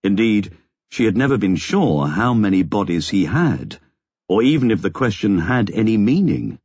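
Husky male audiobook narrator. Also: lowish voice, sing-song, moderate pace, a little mellow, no echo, highs cut off. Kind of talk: scripted narration.

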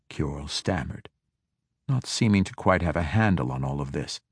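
A man narrating a fantasy audiobook in a measured, even storytelling manner. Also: rumbling low, slightly rough, dry recording, studio quality.

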